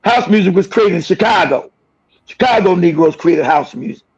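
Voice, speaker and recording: A man's voice: sits high, lively intonation, moderate pace, breathy edge, lo-fi sound. A man hosting a livestream, delivering an angry, profane, aggressive rant. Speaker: livestream host. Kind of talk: angry ranting monologue.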